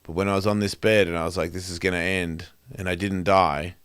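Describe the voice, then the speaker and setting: A man's voice: low-pitched, level tone, a little fast, fairly bright tone, smooth, dry recording. A middle-aged man, hosting his show and speaking candidly in a profane, rambling, confessional way. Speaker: host. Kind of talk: candid monologue.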